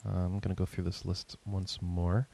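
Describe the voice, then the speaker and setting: A man leads a loose gaming podcast, cracking jokes and moving the group through its questions. His mid-pitched voice sits close and dry. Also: completely flat delivery, moderate pace, creaky, mellow, husky, no room sound. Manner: joking, runs the questions. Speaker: podcast host. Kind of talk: casual podcast chat.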